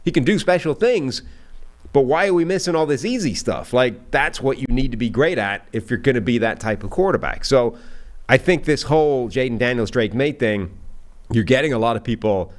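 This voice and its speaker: A man's voice: medium pitch, lively intonation, moderate pace. A man co-hosting a football podcast, chatting casually and thinking aloud with frequent "right?" tags. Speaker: podcast co-host, football analyst.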